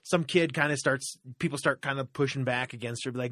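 A man's voice: mid-range voice, moderate pace, no room sound, studio quality. A man telling a long story in a casual, profane, rambling way, full of fillers. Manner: profane, rambling, animated retelling with many fillers.

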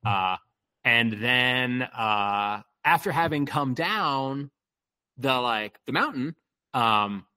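A man's voice: medium pitch, animated, drawn-out words, sharp tone, smooth. A man telling a casual story, rambling with lots of fillers and swearing freely. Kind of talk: casual chat.

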